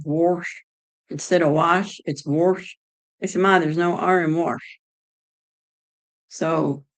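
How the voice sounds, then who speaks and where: Middle-aged woman from Ohio, casual streamer, rambling chat, low-pitched. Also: a little mellow, poor audio. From Ohio, United States. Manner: chatty, rambling, answers chat aloud. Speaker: streamer chatting with viewers.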